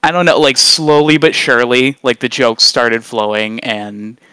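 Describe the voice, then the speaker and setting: A young man, a guest on a casual chat recorded remotely, telling funny stories with lively acted-out quotes. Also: unhurried, clean tone, dry recording. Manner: animated storyteller, acts out quotes in high voices. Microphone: long-distance remote recording.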